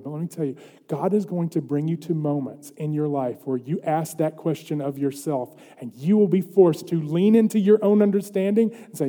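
A man's voice: on the high side, moderate pace, mellow. A man preaching a sermon as pastor, earnest and building to emphatic questions. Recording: long hall reverb.

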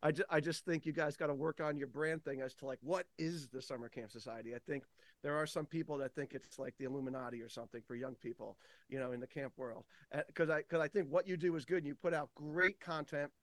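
Animated, dry-sounding man in his fifties. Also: on the high side, fast, no echo. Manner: animated storyteller, swears freely, acts out quotes. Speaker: guest, day camp owner and podcast host. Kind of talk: casual podcast conversation.

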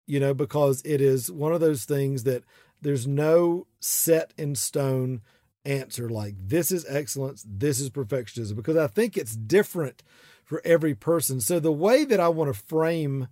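A man's voice: medium pitch, mellow, no echo, clean studio sound. A middle-aged man hosting a podcast in a chatty, casual way, with frequent fillers and restarts. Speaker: podcast host.

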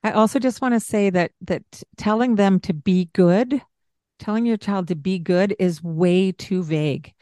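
A woman co-hosting a parenting podcast, calmly explaining and acting out gentle things to say to a child. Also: mid-range voice, a little slow, no echo, studio quality. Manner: calm, explanatory, acts out gentle parent lines. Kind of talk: conversational advice.

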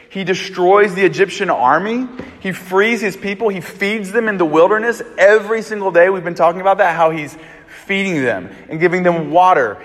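A pastor delivers his sermon like a chatty story told to friends, animated and loose. His man's voice sits fairly high for a man. The sound carries a long echo from a large hall. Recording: echoey hall.

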